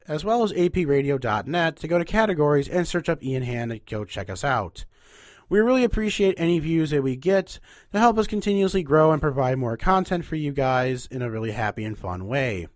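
Young man, nasal voice, fairly high pitch, rambling and upbeat, dry close-mic sound. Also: no echo. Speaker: podcast host. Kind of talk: casual movie ranking podcast.

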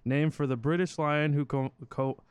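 A young man reads a beer label aloud in a casual chat, stumbling now and then. His voice comes through very crisp and clean, with a dry, close sound. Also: on the high side, steady tone, normal speed, no echo.

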